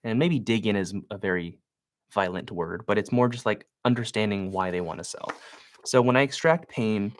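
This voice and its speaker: A man's voice: fairly low pitch, moderate pace. A man who invests in real estate, coaching on a live stream while making cold calls, talking loosely with plenty of filler words. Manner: loose and conversational, many "like" fillers.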